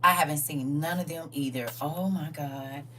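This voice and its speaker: A woman hosting a casual livestream, reading viewer comments aloud and reacting with animated, laughing slang. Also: low voice, moderate pace, distant mic, a little hiss or hum. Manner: animated, laughing, talks back to chat with slang. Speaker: livestream host.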